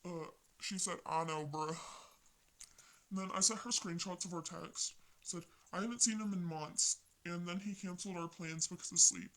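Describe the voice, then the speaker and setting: A young vlogger talks through a story in a loose, rambling way, full of casual slang. The voice sits at an ordinary middle pitch. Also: steady tone, moderate pace, fairly bright tone, low-quality recording. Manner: slangy, rambling retelling of text chats.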